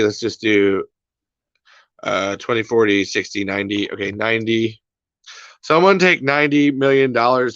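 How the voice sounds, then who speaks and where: A man rants casually on a livestream, exasperated and rambling, going back over the same points. His voice has a bright, forward edge. The recording is dry and a little dull, like a home mic. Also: mid-range voice, no echo. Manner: exasperated, rambling, repeats himself. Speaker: podcast host.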